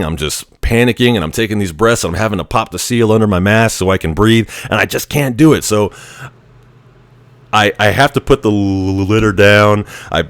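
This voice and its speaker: A man's voice: lowish voice, no echo. A man telling a story in a casual, rambling way, with frequent restarts and military slang. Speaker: vlogger telling a training story.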